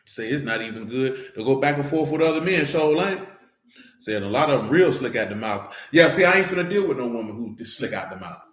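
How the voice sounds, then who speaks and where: This preacher talks to his congregation head-on, emphatic yet conversational, in an informal church setting. His mid-range voice is animated and fairly bright, his pace brisk, and the room is echoey.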